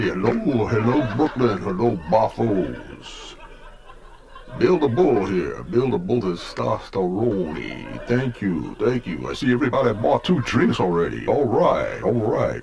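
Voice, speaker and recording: Playing a brash Brooklyn lounge comic, a man works a club crowd with insults in a stand-up routine. His gravelly voice sits fairly low, swings widely in pitch, and fully commits to the character while he takes his time.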